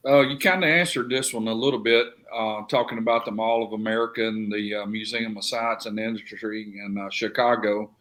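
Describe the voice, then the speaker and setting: A man co-hosting an interview, asking halting questions quietly. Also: lowish voice, fairly even intonation. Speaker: co-host.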